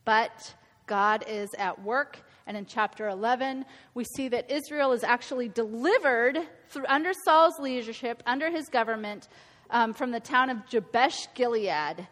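A woman's voice: a little high, normal speed, fairly bright tone. A woman giving an earnest, conversational Bible teaching, correcting her own slips. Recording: long hall reverb.

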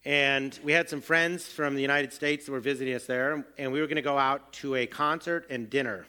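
A middle-aged pastor delivers a sermon in a bright, clear-edged voice. He is earnest and self-deprecating, slipping into family anecdotes to make his point. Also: mid-range voice, fairly even intonation, brisk.

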